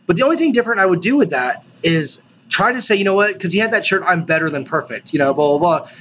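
A man hosting a casual solo podcast, talking excitedly, swearing often and restarting his sentences. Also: high-pitched, quick pace. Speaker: podcast host. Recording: dull lo-fi sound with faint noise.

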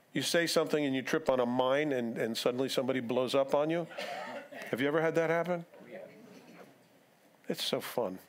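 Male pastor, slightly higher voice, chatty preaching style that quizzes the room and plays out the scripture scenes. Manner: conversational, asks the congregation questions, acts out quoted dialogue. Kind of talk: sermon. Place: church sanctuary.

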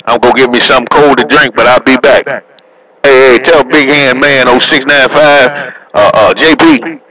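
A man trading CB chatter from his truck, loose and slangy, teasing the other drivers by their handles. He sits in a middle register. His voice comes over a radio link, with clear background noise behind it. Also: medium pitch, fairly even intonation, moderate pace, poor audio.

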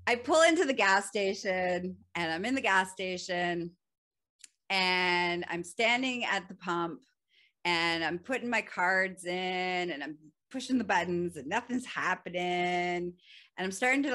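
Woman, podcast host, casual monologue, slightly low voice, laughs often, lots of fillers. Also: sharp tone. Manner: storytelling with frequent laughs and fillers. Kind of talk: casual solo podcast talk.

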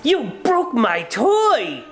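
A teacher reading aloud, voicing an excitable little pig from a picture book in a high, dramatic squeal. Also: drawn-out words, a little hiss or hum, full character voice. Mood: upset.

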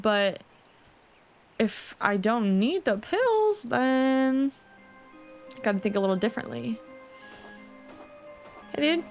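A woman hosting a let's-play video, casual and slangy, swearing freely as she comments on the game. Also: medium pitch. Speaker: gaming video host.

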